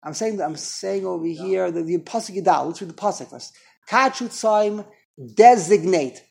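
A man's voice: high-pitched, expressive, normal speed, creaky, darkish tone, breathy edge. A man teaching an informal Torah class, chatty and digressive, making fun of himself. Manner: digressive, chatty, self-deprecating.

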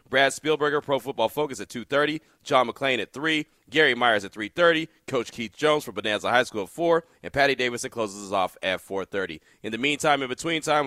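A man's voice: mid-range voice, no room sound, studio quality. A man hosting sports talk radio, telling stories while fighting a tickle in his throat, his eyes watering. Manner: lively, storytelling, talks through a tickle in his throat. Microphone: studio mic.

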